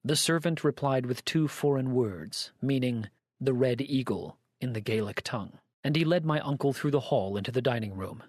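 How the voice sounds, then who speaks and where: A male narrator reads a classic story aloud from a script, measured and even, at a mid-range pitch. The recording is close and dry, with no room sound at all.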